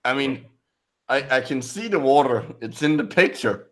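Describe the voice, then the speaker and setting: A man's voice: mid-range voice, lively intonation, moderate pace, a bit bright. A man hosting a casual online stream, reading news aloud, stumbling over words and giggling. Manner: giggly, stumbling, self-mocking. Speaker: host of a video review stream.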